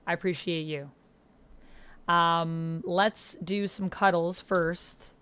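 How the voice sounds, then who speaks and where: A woman's voice: fairly low pitch, steady tone, slow, a bit bright, clean tone. A young woman streamer chatting casually with her viewers and reading their messages aloud. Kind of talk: casual livestream chat.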